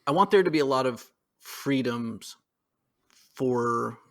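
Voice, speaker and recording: A man's voice: mid-range voice, animated, slow pace. A man co-hosting a podcast, talking through his views in a rambling, hesitant way with frequent fillers and laughs. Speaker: podcast co-host. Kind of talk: casual political discussion.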